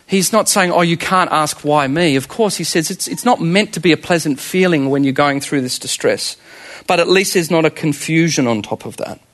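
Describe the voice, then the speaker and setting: An Australian man in his thirties preaches with a high, light voice. He is animated, puts rhetorical questions to the congregation and laughs often as he goes. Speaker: pastor. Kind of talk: sermon.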